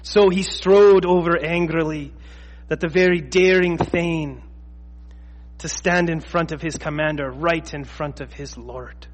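A man putting on a Scottish accent to read an old epic tale aloud in a slow, theatrical way. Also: fairly high pitch, fairly even intonation, long reverb tail. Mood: declaiming. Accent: put-on Scottish. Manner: slow, declaiming, theatrical reading.

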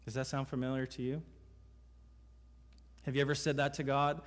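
A man's voice: mid-range voice, level tone, normal speed, long pauses. A man preaching a sermon as pastor in a church, emphatic, asking the congregation one rhetorical question after another. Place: church sanctuary. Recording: reverberant hall sound.

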